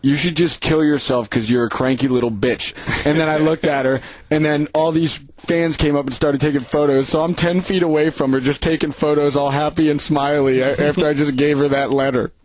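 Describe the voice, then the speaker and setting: A man's voice: on the high side, fairly quick, few pauses, low-quality recording. Profane, laughing man telling stories. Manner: profane, animated storytelling with lots of laughter. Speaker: radio show host. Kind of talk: casual chat.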